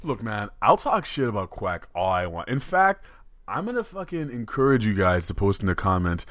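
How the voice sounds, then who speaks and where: A man co-hosting a podcast, excitable and laughing as he tells stories in casual banter. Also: on the low side, moderate pace, no room sound, clean studio sound. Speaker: podcast co-host.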